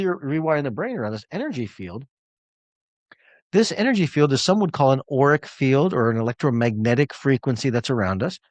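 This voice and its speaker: A man's voice: fairly high pitch, no echo. A man in his forties giving a motivational webinar talk. He is emphatic and repeats key words for weight. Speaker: motivational speaker.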